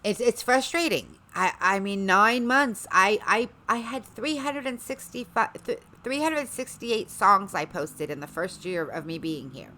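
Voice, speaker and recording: A woman's voice: mid-range voice, measured pace, hardly any pauses, pushed and bright, a little hiss or hum. A woman hosting a livestream, chatting casually in a rambling way with sarcastic asides. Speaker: livestream host.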